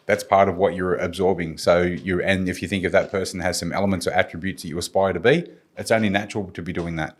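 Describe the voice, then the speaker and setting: A man speaking as a guest expert on a podcast panel, explaining communication with a confident coaching manner. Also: sits low. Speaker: guest security and communication specialist.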